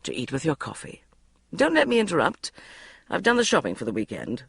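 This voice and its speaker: A reader voicing a smooth, polite young man speaking gently to his girlfriend in an audiobook. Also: medium pitch, wildly swooping pitch, brisk, dry recording, studio quality, exaggerated voice. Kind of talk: audiobook reading.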